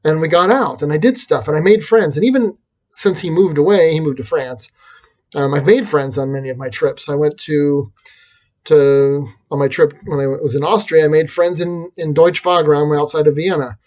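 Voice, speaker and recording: A man's voice: on the high side, normal speed, darkish tone. A man talking through a reflective personal vlog, rambling and self-deprecating, with frequent restarts. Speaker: vlogger and teacher.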